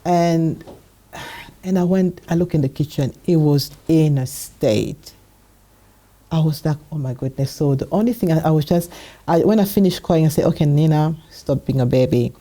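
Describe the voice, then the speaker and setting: Low-voiced woman telling a personal story. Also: normal speed. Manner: animated retelling, acting out past dialogue. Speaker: guest sharing her testimony.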